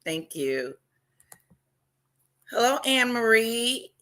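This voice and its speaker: A woman hosting a casual livestream chat, talking loudly and excitedly and greeting viewers by name. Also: a little high, very slow. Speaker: livestream host.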